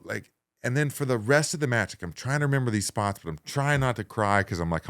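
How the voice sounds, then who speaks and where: A man in his forties, a guest on an interview show, telling a story in a lively way that swings between loud excited bursts and quiet low asides. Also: fast. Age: 40s. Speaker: guest, professional wrestler.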